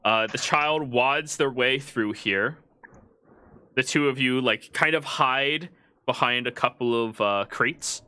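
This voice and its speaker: A man narrating a tabletop game as game master, describing the scene in a halting way with many fillers. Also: mid-range voice, bright, forceful tone, clean tone.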